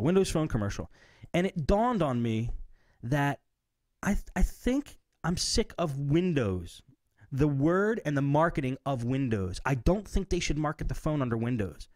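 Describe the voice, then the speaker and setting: Lively, giggly male podcast host. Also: a little high, no room sound, studio quality. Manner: expressive, giggly, with lots of fillers. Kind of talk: casual chat.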